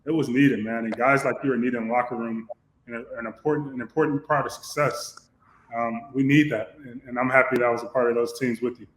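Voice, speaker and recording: A man's voice: medium pitch, fairly even intonation, fast talker, fairly bright tone, a little hiss or hum. A man, a former lineman, co-hosting a podcast and speaking earnestly and appreciatively to his guest. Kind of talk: casual podcast chat. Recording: roomy echo.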